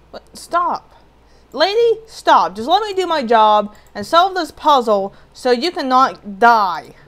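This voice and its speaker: With a slightly high, somewhat bright voice, a gameplay streamer comments casually while playing a puzzle game. She jokingly vents her frustration by talking back at the screen.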